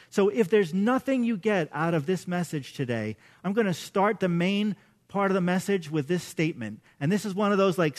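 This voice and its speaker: This high-pitched middle-aged man is a pastor whose sermon feels like conversation, full of casual anecdotes and humor aimed at himself.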